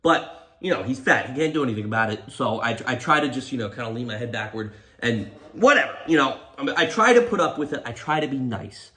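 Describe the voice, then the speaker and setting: A young man telling a comedic storytime rant in an animated, exaggerated, mocking way. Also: mid-range voice, quick pace. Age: young adult. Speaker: comedy YouTuber.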